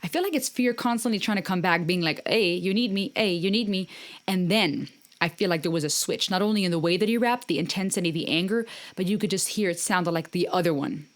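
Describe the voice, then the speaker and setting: A woman's voice: fairly low pitch, expressive, fast. A woman hosting a music reaction video, talking casually and earnestly, with encouraging, faith-based remarks to her viewers.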